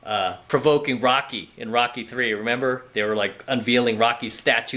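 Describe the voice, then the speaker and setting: Blunt, forceful male dating coach. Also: medium pitch, moderate pace, hardly any pauses. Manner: blunt, lecturing, repeats "okay?" and "right?". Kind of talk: direct-to-camera coaching monologue.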